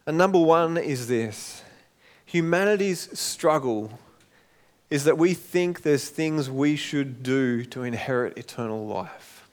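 A man's voice: fairly high pitch, expressive, takes it slowly. A middle-aged man, preaching a sermon in a conversational way and acting out the quotes. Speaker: pastor.

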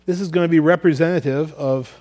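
A man's voice: fairly high pitch, steady tone, fairly quick, dark tone. A man preaching a sermon earnestly, often repeating words as he works through his thoughts. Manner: earnest, repeats words while thinking aloud. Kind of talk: sermon with scripture reading.

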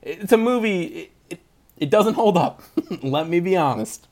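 A man's voice: high-pitched, lively intonation, a little slow, darkish tone. A young man hosting a podcast, chatting casually, rambling through jokes and laughing often. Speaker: podcast host. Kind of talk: casual chat.

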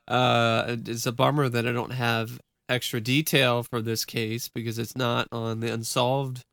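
A man co-hosting a podcast in casual chat, relaxed, laughing easily. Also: medium pitch, slow pace, vocal fry, no echo. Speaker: podcast co-host.

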